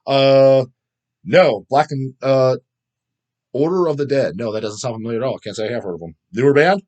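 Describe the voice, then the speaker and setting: A man's voice: mid-range voice, normal speed, a little mellow. A man hosting a casual metal podcast, rambling and profane, often trailing off as he searches for names while reading viewer comments. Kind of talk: casual chat.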